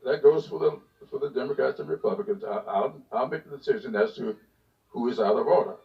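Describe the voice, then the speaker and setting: A man's voice: mid-range voice, fairly quick. A man chairing a committee hearing who speaks firmly and asserts control of the meeting. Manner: firm, gravelly, asserting control. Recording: distant, dull hearing-room audio.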